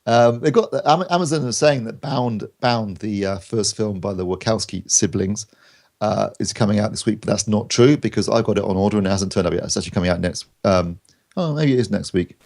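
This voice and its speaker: A man's voice: lowish voice, fairly quick, darkish tone. A man co-hosting a podcast, rambling through film reviews with plenty of ums and restarts and dry jokes. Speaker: podcast co-host reviewing films. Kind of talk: casual chat.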